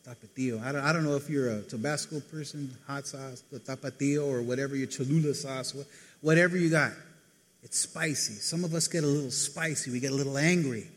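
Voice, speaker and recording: A man with a mid-range voice preaches a casual sermon in a reverberant hall. He talks conversationally to the congregation, dropping quick asides where he acts out people's lines.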